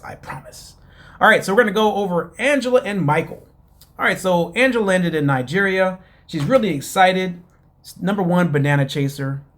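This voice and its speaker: Chatty man hosting a gossip recap. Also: on the high side. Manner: chatty, addresses listeners as "guys"; rambling with many fillers. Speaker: show host. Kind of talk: casual reality TV recap.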